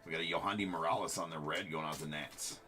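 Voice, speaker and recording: A man's voice: very deep voice, fairly even intonation, quick pace, bright, forceful tone. A man hosting a live-streamed trading card break, giving running commentary on each card and chatting with viewers, with frequent filler words.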